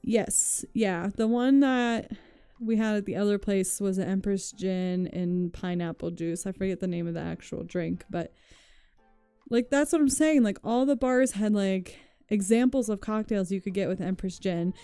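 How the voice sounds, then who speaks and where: A woman's voice: medium pitch, normal speed, mellow, smooth, no room sound, soft background music. A woman streamer chatting casually with her viewers, telling rambling stories full of "like", swearing and frequent laughter.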